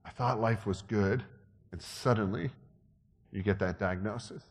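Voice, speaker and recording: A man's voice: lowish voice, unhurried. A man preaching a sermon in a conversational, joking way that builds to emphatic peaks. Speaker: pastor. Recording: long hall reverb.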